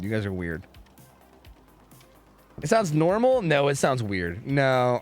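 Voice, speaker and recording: A man's voice: medium pitch, normal speed, faint music behind. A young man streaming a game from home, chatting casually with his viewers, swearing a lot and ranting with plenty of energy. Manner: profane, animated and ranting, talks to chat. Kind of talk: casual livestream chat.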